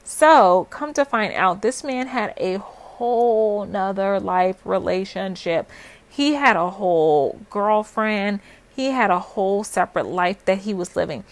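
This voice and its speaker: A young adult woman telling her own story in a casual vlog, animated and full of "like" fillers. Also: medium pitch.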